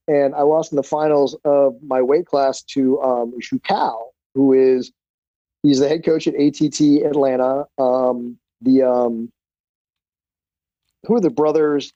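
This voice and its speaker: Man, podcast guest, casual profane storytelling, mellow tone, dull lo-fi audio. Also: medium pitch, slow pace, no room sound. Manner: animated, profane, uses many fillers.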